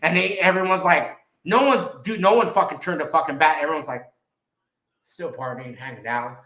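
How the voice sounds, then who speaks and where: A man's voice: fairly high pitch, fairly quick. Rambling, profane man in an echoey room. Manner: animated when quoting others. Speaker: podcast host. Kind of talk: casual chat.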